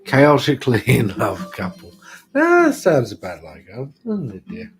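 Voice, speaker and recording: A man's voice: mid-range voice, wildly swooping pitch, measured pace, soft background music. Dry-humoured British man hosting a stream. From Britain. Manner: dry, self-mocking humour. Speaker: tarot reader host. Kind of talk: casual live-stream chat.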